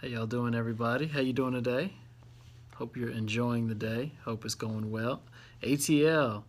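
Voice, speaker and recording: A man's voice: medium pitch, fairly even intonation, normal speed. Upbeat man greeting livestream viewers. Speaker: host of an encouragement livestream. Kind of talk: casual livestream chat. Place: office.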